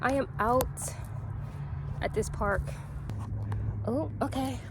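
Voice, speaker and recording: A woman's voice: fairly high pitch, slow pace, background noise. Chatty young woman vlogging. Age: 20s. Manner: rambling and chatty, full of fillers, addresses viewers as "y'all". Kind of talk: casual vlog chat. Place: outdoors in a park. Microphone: phone camera.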